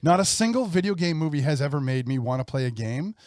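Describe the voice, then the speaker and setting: A man's voice: a little high, animated, fast, darkish tone, no room sound, clean studio sound. A man in his thirties co-hosting a podcast, talking eagerly and rambling with restarts. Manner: enthusiastic, rambling with restarts and laughs. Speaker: podcast co-host. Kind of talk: casual chat.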